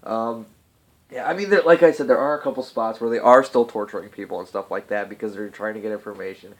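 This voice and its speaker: A man's voice: on the low side, quick pace. A man giving a casual movie review, chatty, laughing often and swearing freely.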